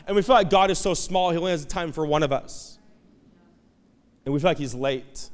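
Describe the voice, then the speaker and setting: A man preaching a sermon as pastor, animated, breaking into loud, high outbursts as he acts out pleading voices from the story. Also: a little fast, in a large hall. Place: church auditorium.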